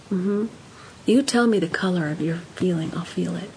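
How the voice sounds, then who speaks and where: A woman's voice: fairly low pitch, normal speed, a little hiss or hum, poor audio. A woman giving parenting advice in an earnest, emphatic way, acting out example conversations. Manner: warm, earnest, emphatic, acts out example dialogues. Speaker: parenting counselor guest.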